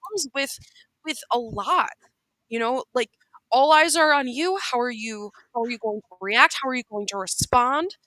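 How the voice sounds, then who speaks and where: A woman's voice: a little high, moderate pace, pushed and bright, dry recording, poor audio. A woman co-hosting a casual podcast chat, heartfelt and emphatic, often restarting her sentences. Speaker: co-host.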